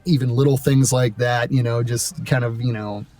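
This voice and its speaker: A man's voice: mid-range voice, fairly even intonation, normal speed, a little mellow, distant mic. A young man, a voice actor, talking in an interview with a slightly scratchy, gritty voice, rambling with fillers and restarts. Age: young adult. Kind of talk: interview guest.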